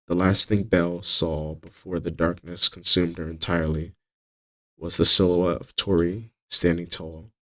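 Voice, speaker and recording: Low-voiced guy reading his own audiobook, steady pace, trips on a word now and then. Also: poor audio. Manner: steady reading with occasional slips and restarts. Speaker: author narrating his own book. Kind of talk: audiobook narration.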